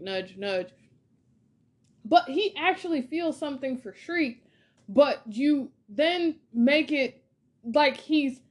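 A woman hosting a casual film review monologue, chatty and exasperated, ranting with lots of filler words. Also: sits high. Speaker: podcast host reviewing films.

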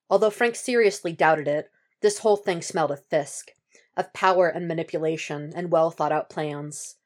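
A woman narrates a fan-fiction story in a steady, measured way. Her voice sits low for a woman, calm and even through the descriptive passages. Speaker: podfic reader. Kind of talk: audiobook reading of fan fiction.

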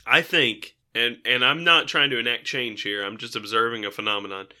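Bright-voiced joking podcast man. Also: medium pitch, steady tone, brisk. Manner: rambling, jokey riffs, laughs often. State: tired and punchy after a long session. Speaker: podcast co-host. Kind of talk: punchy casual banter among friends.

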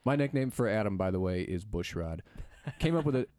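A young man chats on a podcast, telling stories with lively energy. His voice is smooth and clear, sitting a little low. The sound is dry and close. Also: fairly quick, no echo. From United States. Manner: lively storyteller, slips into mimicking voices. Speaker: podcast guest. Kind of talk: casual chat.

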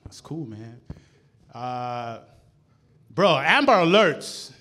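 A man's voice: medium pitch, very animated, extremely slow, bright, forceful tone. A man doing a loose, slangy stand-up set in a comedy club, laughing at his own jokes.

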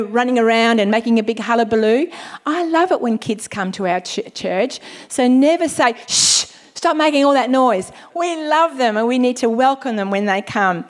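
A woman pastor preaching a sermon, reading scripture slowly and deliberately, with exclamations of praise between points. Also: on the high side, a little mellow.

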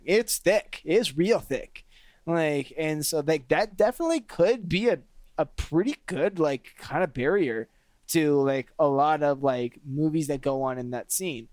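A fairly high-voiced man talks on a casual podcast, peppering his points with "like" and "kinda". The sound is dry and close, with no room echo. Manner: animated, leans on "like" and "kinda". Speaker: podcast co-host.

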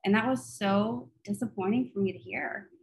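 Female podcast co-host, animated storyteller, earnest in prayer. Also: medium pitch, normal speed, vocal fry, poor audio. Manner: animated storytelling, laughs often, turns soft and earnest in prayer. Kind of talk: faith podcast chat and prayer.

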